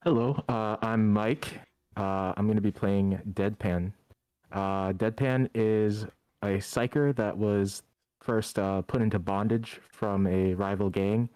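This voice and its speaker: A man introducing himself and his character in a tabletop game, plain and steady. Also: on the low side, slow, clear, resonant tone, no echo. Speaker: player. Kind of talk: casual self-introduction.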